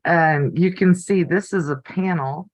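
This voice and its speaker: A woman's voice: fairly low pitch, unhurried, a little mellow, dry recording, rough recording. An older woman hosting a casual live stream from her home craft room, chatty and easily delighted. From United States. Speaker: quilting channel host.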